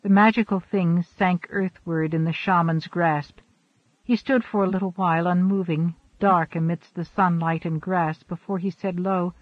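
A man narrating an audiobook in a steady, expressive storytelling manner. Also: high voice, normal speed, no echo. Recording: dull, dry recording.

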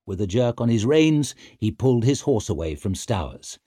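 A man reads a grim fantasy tale aloud with a slightly husky voice. His pitch moves a lot, giving the narration a lively, shifting rise and fall. The sound is close and dry, with no room around it. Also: moderate pace, dry recording. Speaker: audiobook narrator. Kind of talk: scripted narration.

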